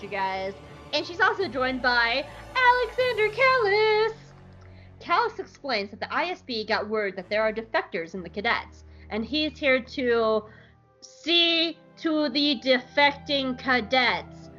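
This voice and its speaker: Young woman, casual recap, irreverent, lively higher voice. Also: low-quality recording. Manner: chatty, irreverent, swears freely. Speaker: show recapper.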